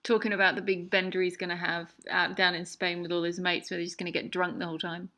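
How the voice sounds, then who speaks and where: A woman's voice: fairly low pitch, little pitch movement, quick pace, pushed and bright. A woman who made the documentary, chatting and joking through its audio commentary. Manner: chatty, laughing, self-deprecating. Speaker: documentary filmmaker.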